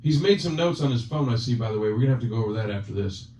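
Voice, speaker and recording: A man's voice: mid-range voice, lively intonation, rapid-fire, dark tone, slight background noise. A man hosting a casual chat, teasing his guest in joking banter. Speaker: channel host. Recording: roomy, distant, dull sound.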